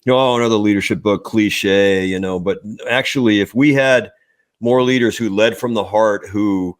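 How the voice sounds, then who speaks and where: A man's voice: on the low side, measured pace. A man in his sixties, a retired naval officer, answering interview questions in a reflective, plain-spoken way. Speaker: retired admiral guest. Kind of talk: casual interview chat.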